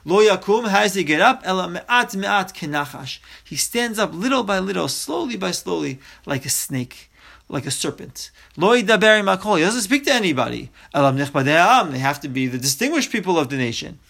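A man leads a Torah study class, reading a line of Hebrew and then explaining it in English. His voice sits a little high for a man and has a gravelly, fried edge. He talks like a teacher walking through a text one phrase at a time. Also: very animated, a little fast, fairly bright tone.

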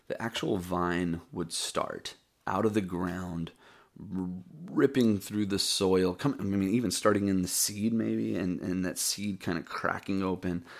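A man with a deep voice and a rough, gravelly edge talks in a loose, rambling way. He tells a story as a casual podcast host and drops in "dude" and "buddy" as he goes. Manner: rambling, laid-back storyteller who calls listeners buddy and dude. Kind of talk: casual storytelling and poetry reading.

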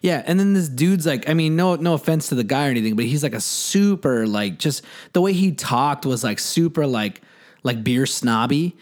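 A man's voice: medium pitch, animated, normal speed, darkish tone. A young man in casual chat, telling a rambling, slangy story with laughs.

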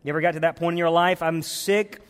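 A man preaching a sermon as pastor of his church, impassioned, swinging between hushed and loud. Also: a little high, flat delivery, rapid-fire. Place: church sanctuary. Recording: long reverb in a large church hall.

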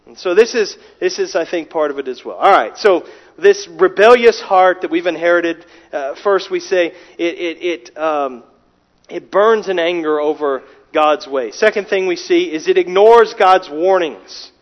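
A man's voice: sits high, unhurried. Man preaching in an echoing hall. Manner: emphatic preaching with many restarts and rhetorical questions. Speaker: pastor. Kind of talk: sermon. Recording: dull sound with long hall reverb.

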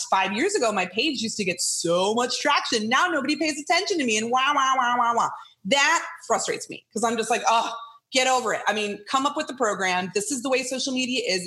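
Middle-aged woman on a podcast, kinda high voice, animated, does little voices for quotes. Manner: lively, acts out quoted voices. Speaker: podcast guest. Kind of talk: casual interview chat.

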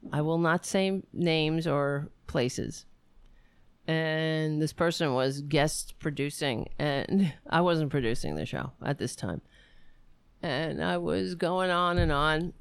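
A woman's voice: sits low, gravelly, no echo. A woman hosting her own live-streamed talk show, rambling through a casual monologue, swearing freely and poking fun at herself. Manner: animated, digressive, swears freely, self-mocking.

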